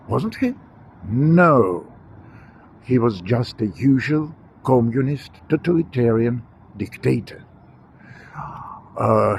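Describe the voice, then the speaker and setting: A man giving a walking monologue outdoors, halting with frequent fillers and self-corrections. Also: mid-range voice, creaky, darkish tone, slight background noise. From Russia. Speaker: commentator. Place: outdoors on a city walk.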